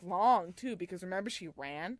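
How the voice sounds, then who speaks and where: A woman co-hosting a podcast in casual book-discussion chat, animated, swearing freely and laughing often. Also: lowish voice, moderate pace, dry recording. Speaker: podcast co-host.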